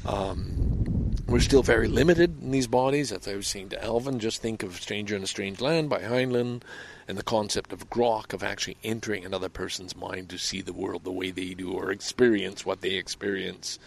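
A man's voice: on the low side, moderate pace, vocal fry, a little hiss or hum. A man delivering a rambling, heated monologue outdoors by a lake. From Canada. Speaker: vlogger.

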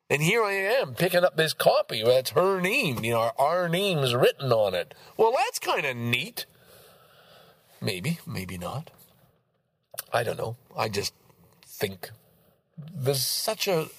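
A man in his sixties from Canada, talking in a rambling, profane monologue that swings between loud outbursts and low muttering. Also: no echo. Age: 60s. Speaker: vlogger. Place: outdoors in a park.

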